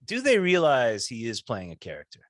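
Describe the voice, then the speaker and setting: A man co-hosting a casual podcast, telling animated stories, swearing freely and breaking into mock voices. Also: medium pitch, moderate pace, no echo. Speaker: podcast co-host. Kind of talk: casual chat. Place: living abroad, talking indoors.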